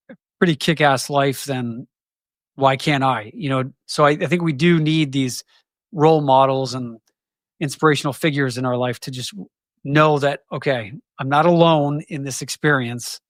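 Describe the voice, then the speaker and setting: Guy in his 40s talking openly in an interview, kinda halting, dry close mic. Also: medium pitch, no room sound. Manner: open, reflective, halting with restarts. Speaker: guest. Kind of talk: candid conversation.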